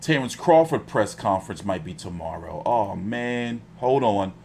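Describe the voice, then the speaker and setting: A man's voice: lowish voice, unhurried, vocal fry, a little hiss or hum. A young man hosting a boxing live stream, telling stories in casual, profane slang. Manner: profane, animated storytelling with slang.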